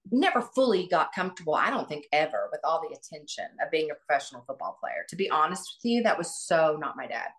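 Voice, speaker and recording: A middle-aged woman with a slightly low voice talks as an interview guest. She recalls family memories earnestly and reflectively. She often breaks off and starts her sentences again. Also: a bit bright. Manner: earnest, reflective, many restarts. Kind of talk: interview, personal recollection.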